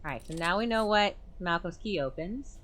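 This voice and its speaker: A woman talking through a game playthrough, planning moves out loud in a plain way. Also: fairly low pitch, lively intonation, normal speed. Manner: thinking aloud, plainly spoken. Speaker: gamer.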